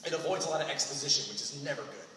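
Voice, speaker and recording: A man in his fifties hosting a comedic writing panel at a convention, acting out squeaky comic voices. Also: expressive, very fast. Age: 50s. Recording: echoey hall from far off with loud noise.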